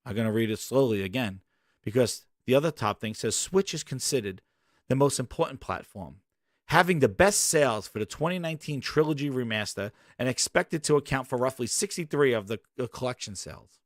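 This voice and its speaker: Animated, argumentative male gaming host. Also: mid-range voice, brisk, no echo, studio quality. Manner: emphatic, argumentative, addresses listeners directly. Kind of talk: animated opinion rant.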